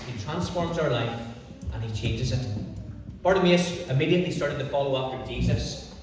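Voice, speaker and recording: A man preaching to children and parents at a church holiday club service, telling the story in an animated way with drawn-out, emphatic phrases. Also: high-pitched. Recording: echoey church hall from far off.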